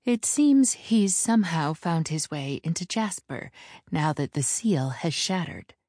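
Woman doing a curt commanding witch, authoritative, slow delivery, dry audiobook sound. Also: lowish voice, lively intonation, darkish tone, no room sound. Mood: stern. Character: stern commanding female elder witch.

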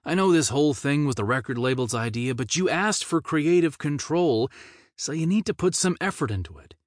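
A man voicing a teasing male band manager in his early thirties, brisk and upbeat, pitched higher than his reading voice. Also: lively intonation, no echo, clean studio sound, lightly acted. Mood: insistent.

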